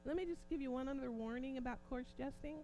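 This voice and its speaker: A woman preaching an informal sermon, growing impassioned and forceful at points. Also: high voice, fast talker, a little hiss or hum. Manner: impassioned, rising to near-shouting emphasis.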